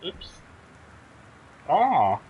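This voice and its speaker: A man's voice: a little high, huge pitch swings, very slow, narrow, tinny audio, a little hiss or hum. A man casually commenting while he plays and streams a game, thinking aloud and reacting as he explores. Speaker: let's play streamer.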